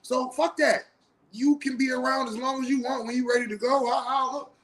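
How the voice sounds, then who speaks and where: A middle-aged man with a notably high voice pours out a raw confessional monologue. He talks bluntly and swears often. He swings between loud outbursts and low, muttered asides. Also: steady tone, brisk, a little hiss or hum. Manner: profane, heated and blunt. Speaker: host.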